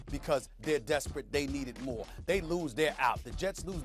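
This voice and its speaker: A man giving an emphatic, animated sports opinion segment, swinging between loud bursts and hushed asides. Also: fairly high pitch. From New York. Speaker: sports commentator.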